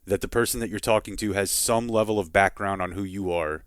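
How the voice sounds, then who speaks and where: A man's voice: on the low side, brisk, dry recording. A man co-hosting a podcast in casual chat, making dry, wry remarks. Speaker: podcast host.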